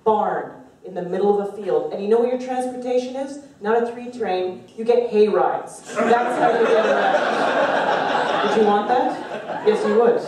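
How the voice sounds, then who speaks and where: A woman comedian arguing a comic debate on stage, sarcastic and animated, swearing and mocking people in put-on voices. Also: medium pitch, unhurried, a little hiss or hum. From Canada. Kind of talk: stand-up comedy argument. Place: stage in a room with a live audience. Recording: echoey room recorded from a distance.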